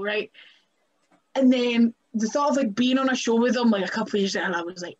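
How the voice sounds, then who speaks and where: A woman's voice: a little high, fast talker. Chatty Scottish woman, muffled audio. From Scotland. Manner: chatty, animated, laughs often, fills with "like" and "right?". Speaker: wrestler, podcast guest. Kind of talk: casual storytelling interview.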